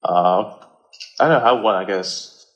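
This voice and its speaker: A man with a Russian accent talks slowly and haltingly, pausing and reaching for English words. His voice sits on the low side. He is a native Russian speaker. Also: rough recording. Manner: halting, searching for words, many fillers. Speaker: guest. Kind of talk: casual conversation.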